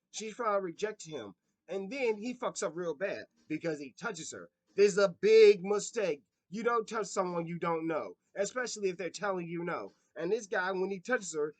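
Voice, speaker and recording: Animated high-voiced man ranting. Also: normal speed, no echo, rough recording. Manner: animated, profane, laughs at himself. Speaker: commentator. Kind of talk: casual rant.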